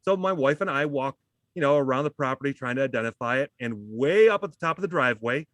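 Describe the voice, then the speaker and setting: On a dry recording, a fast-talking man with a mid-range voice recounts a funny story in a casual conversation. He's animated, jokes about himself, and acts out different voices as he goes.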